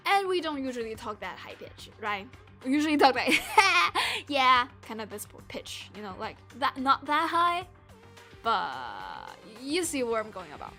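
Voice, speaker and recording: A woman from Asia chatting casually on a livestream, self-deprecating and quick to laugh. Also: high-pitched, wildly swooping pitch, bright, forceful tone, soft background music. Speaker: streamer.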